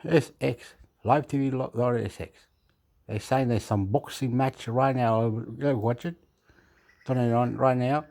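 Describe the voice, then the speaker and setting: A man's voice: medium pitch, steady tone, unhurried, gravelly, a little mellow. A man who grew up in Chile, talking to camera in a rambling, casual monologue, meandering and self-deprecating, often laughing at himself. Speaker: YouTuber.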